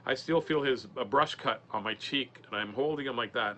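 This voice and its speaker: Earnest bright-voiced man in his forties. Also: medium pitch. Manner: earnest, halting, with many restarts. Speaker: podcast guest, comedian and mental health speaker. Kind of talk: candid personal storytelling. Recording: dull lo-fi sound with faint noise.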